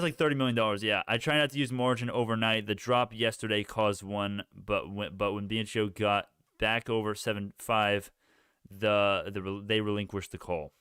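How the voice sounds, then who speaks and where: Young male streamer, loose and rambling to his chat, clear resonant tone, dead-dry sound. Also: fairly low pitch, fairly bright tone, no echo. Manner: rambling, talks to chat, restarts often. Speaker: stock live-streamer. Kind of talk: casual livestream chat.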